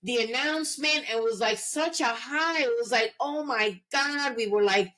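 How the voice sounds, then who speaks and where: A woman's voice: fairly high pitch, normal speed, a bit bright, low-quality recording. A middle-aged woman talking casually on a podcast, emphatic and full of fillers, acting out her own reactions. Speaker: podcast guest.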